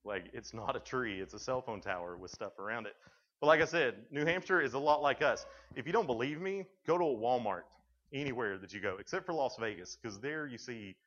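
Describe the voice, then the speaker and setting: A man's voice: mid-range voice, expressive, fairly quick, a bit bright. A young man from Tennessee with a Southern accent, giving a humorous talk to students and acting out conversations as he tells stories. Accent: Tennessee Southern American. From Tennessee, USA. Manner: joking storyteller who acts out dialogue. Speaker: youth speaker. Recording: dull lo-fi recording.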